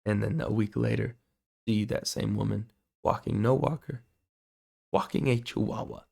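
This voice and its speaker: Gravelly young man telling his testimony. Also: fairly low pitch, normal speed. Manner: earnest, excitable storytelling with fillers. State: voice going hoarse. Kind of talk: personal faith testimony.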